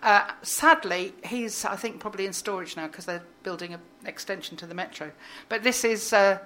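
A woman poet reading her poem aloud, then chatting as a guest in a halting way with frequent fillers. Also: mid-range voice, pushed and bright. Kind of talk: poetry reading and casual interview chat.

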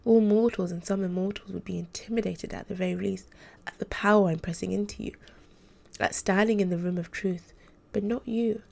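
A woman's voice: medium pitch, fairly even intonation, brisk, gravelly, a little mellow. A woman voicing a formal, hesitant angel tutor. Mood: earnest. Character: troubled young female angel tutor.

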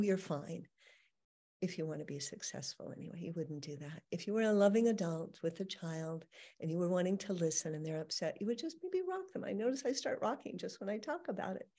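A middle-aged woman speaks as a healing coach in a gentle, reflective teaching talk. Her voice is mellow and relaxed. She often slips into soft, playful inner dialogue. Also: medium pitch, a little fast. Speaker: healing coach, podcast host.

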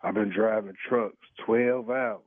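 A man's voice: on the low side, fairly even intonation, measured pace, no echo. A man's voice comes through a thin, phone-like line in a dry, close sound. He talks bluntly in street slang, swearing and pressing the caller with questions. He is worn out from long shifts. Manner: blunt street slang, swears, keeps asking who is calling. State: tired from work. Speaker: prank call target, truck driver. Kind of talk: phone conversation.

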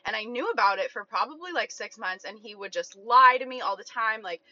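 Young woman, casual storytime, bright tense voice, says "like" a lot, slightly dull recording. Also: fairly high pitch, expressive, brisk. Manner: chatty, heavy use of "like", quoting herself.

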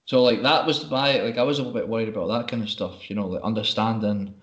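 A man's voice: fairly low pitch, fairly even intonation, fast talker, fairly bright tone, reverberant. A Scottish man in casual chat, telling stories with slang and laughter.

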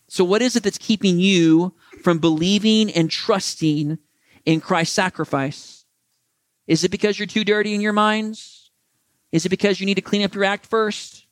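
Animated man preaching a conversational sermon. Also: sits high, no echo. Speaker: pastor. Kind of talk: sermon with closing prayer.

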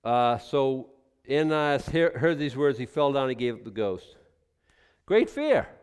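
A man's voice: medium pitch, moderate pace, clean tone. A male pastor preaching a sermon in a loose, conversational way, drifting into asides and acted-out scenes.

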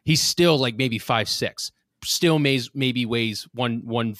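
A man's voice: mid-range voice, takes it slowly, fairly bright tone, dry recording, clean studio sound. A young man casually telling rambling anecdotes on a podcast, with restarts and laughs. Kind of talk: casual storytelling chat.

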